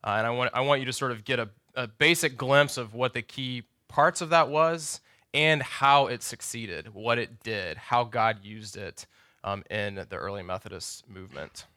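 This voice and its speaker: A man's voice: medium pitch, moderate pace, sharp tone, no room sound, clean studio sound. A middle-aged man, a pastor, giving a conversational lecture at a university chapel with joking asides and self-corrections.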